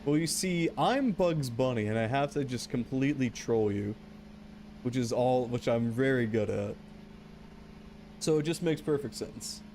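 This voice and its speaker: A man's voice: medium pitch, a little slow, darkish tone, slight background noise. A man streaming a game, rambling and joking back and forth with his chat. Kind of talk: casual gameplay commentary.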